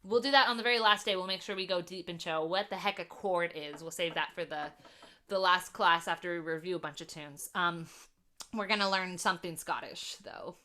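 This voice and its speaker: A woman's voice: lowish voice, fairly quick, bright, forceful tone. A young woman teaching a music lesson over a video call, chatty and casual, counting beats and humming melodies. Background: cello playing.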